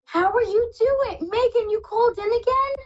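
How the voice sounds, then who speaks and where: A woman's voice: very high-pitched, moderate pace, highs cut off. A woman hosting a live call-in psychic reading show, effusive and tearful, calling callers "love".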